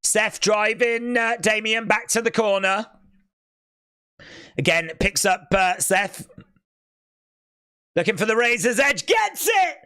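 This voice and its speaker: A host giving live reaction commentary on a wrestling event, chatty with asides to viewers and bursting into shouts at big moments. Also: mid-range voice, animated, slow pace, pauses often. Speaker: watch-along stream host.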